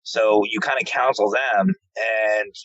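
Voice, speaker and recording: A man's voice: on the low side, slow, no echo. A man from central Pennsylvania, a paranormal investigator, telling stories in a casual interview and acting out quoted dialogue. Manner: animated storyteller, acts out quoted dialogue, repeats words. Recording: dull lo-fi dry audio.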